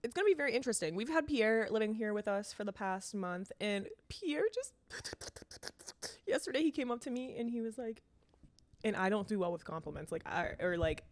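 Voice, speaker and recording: A woman's voice: mid-range voice, lively intonation, moderate pace, no echo. A young adult woman co-hosting a podcast, telling casual stories full of fillers and laughter. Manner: storytelling with loose fillers and laughter. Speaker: podcast co-host. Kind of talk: casual chat.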